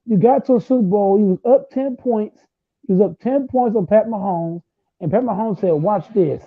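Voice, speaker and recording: High, gravelly trash-talking man on a tinny line. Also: moderate pace, no room sound. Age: late 20s. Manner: loud, repetitive, trash-talking. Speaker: host. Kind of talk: heated casual sports argument. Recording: tinny phone-like sound.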